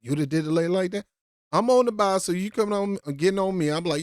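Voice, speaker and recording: A woman's voice: low-pitched, expressive, fast talker, darkish tone, no room sound. A woman giving a slangy, mocking reaction commentary on a street video.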